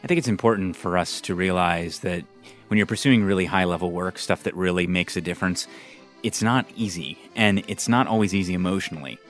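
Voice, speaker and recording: A man's voice: low-pitched, a little fast, a bit bright, faint music behind. A man hosting a podcast, narrating earnestly between clips. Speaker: podcast host.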